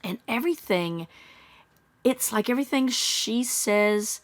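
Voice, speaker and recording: A woman in her thirties giving casual true-crime commentary, skeptical and musing, breaking into high mocking voices when she quotes people. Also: lively intonation, a little slow, no room sound.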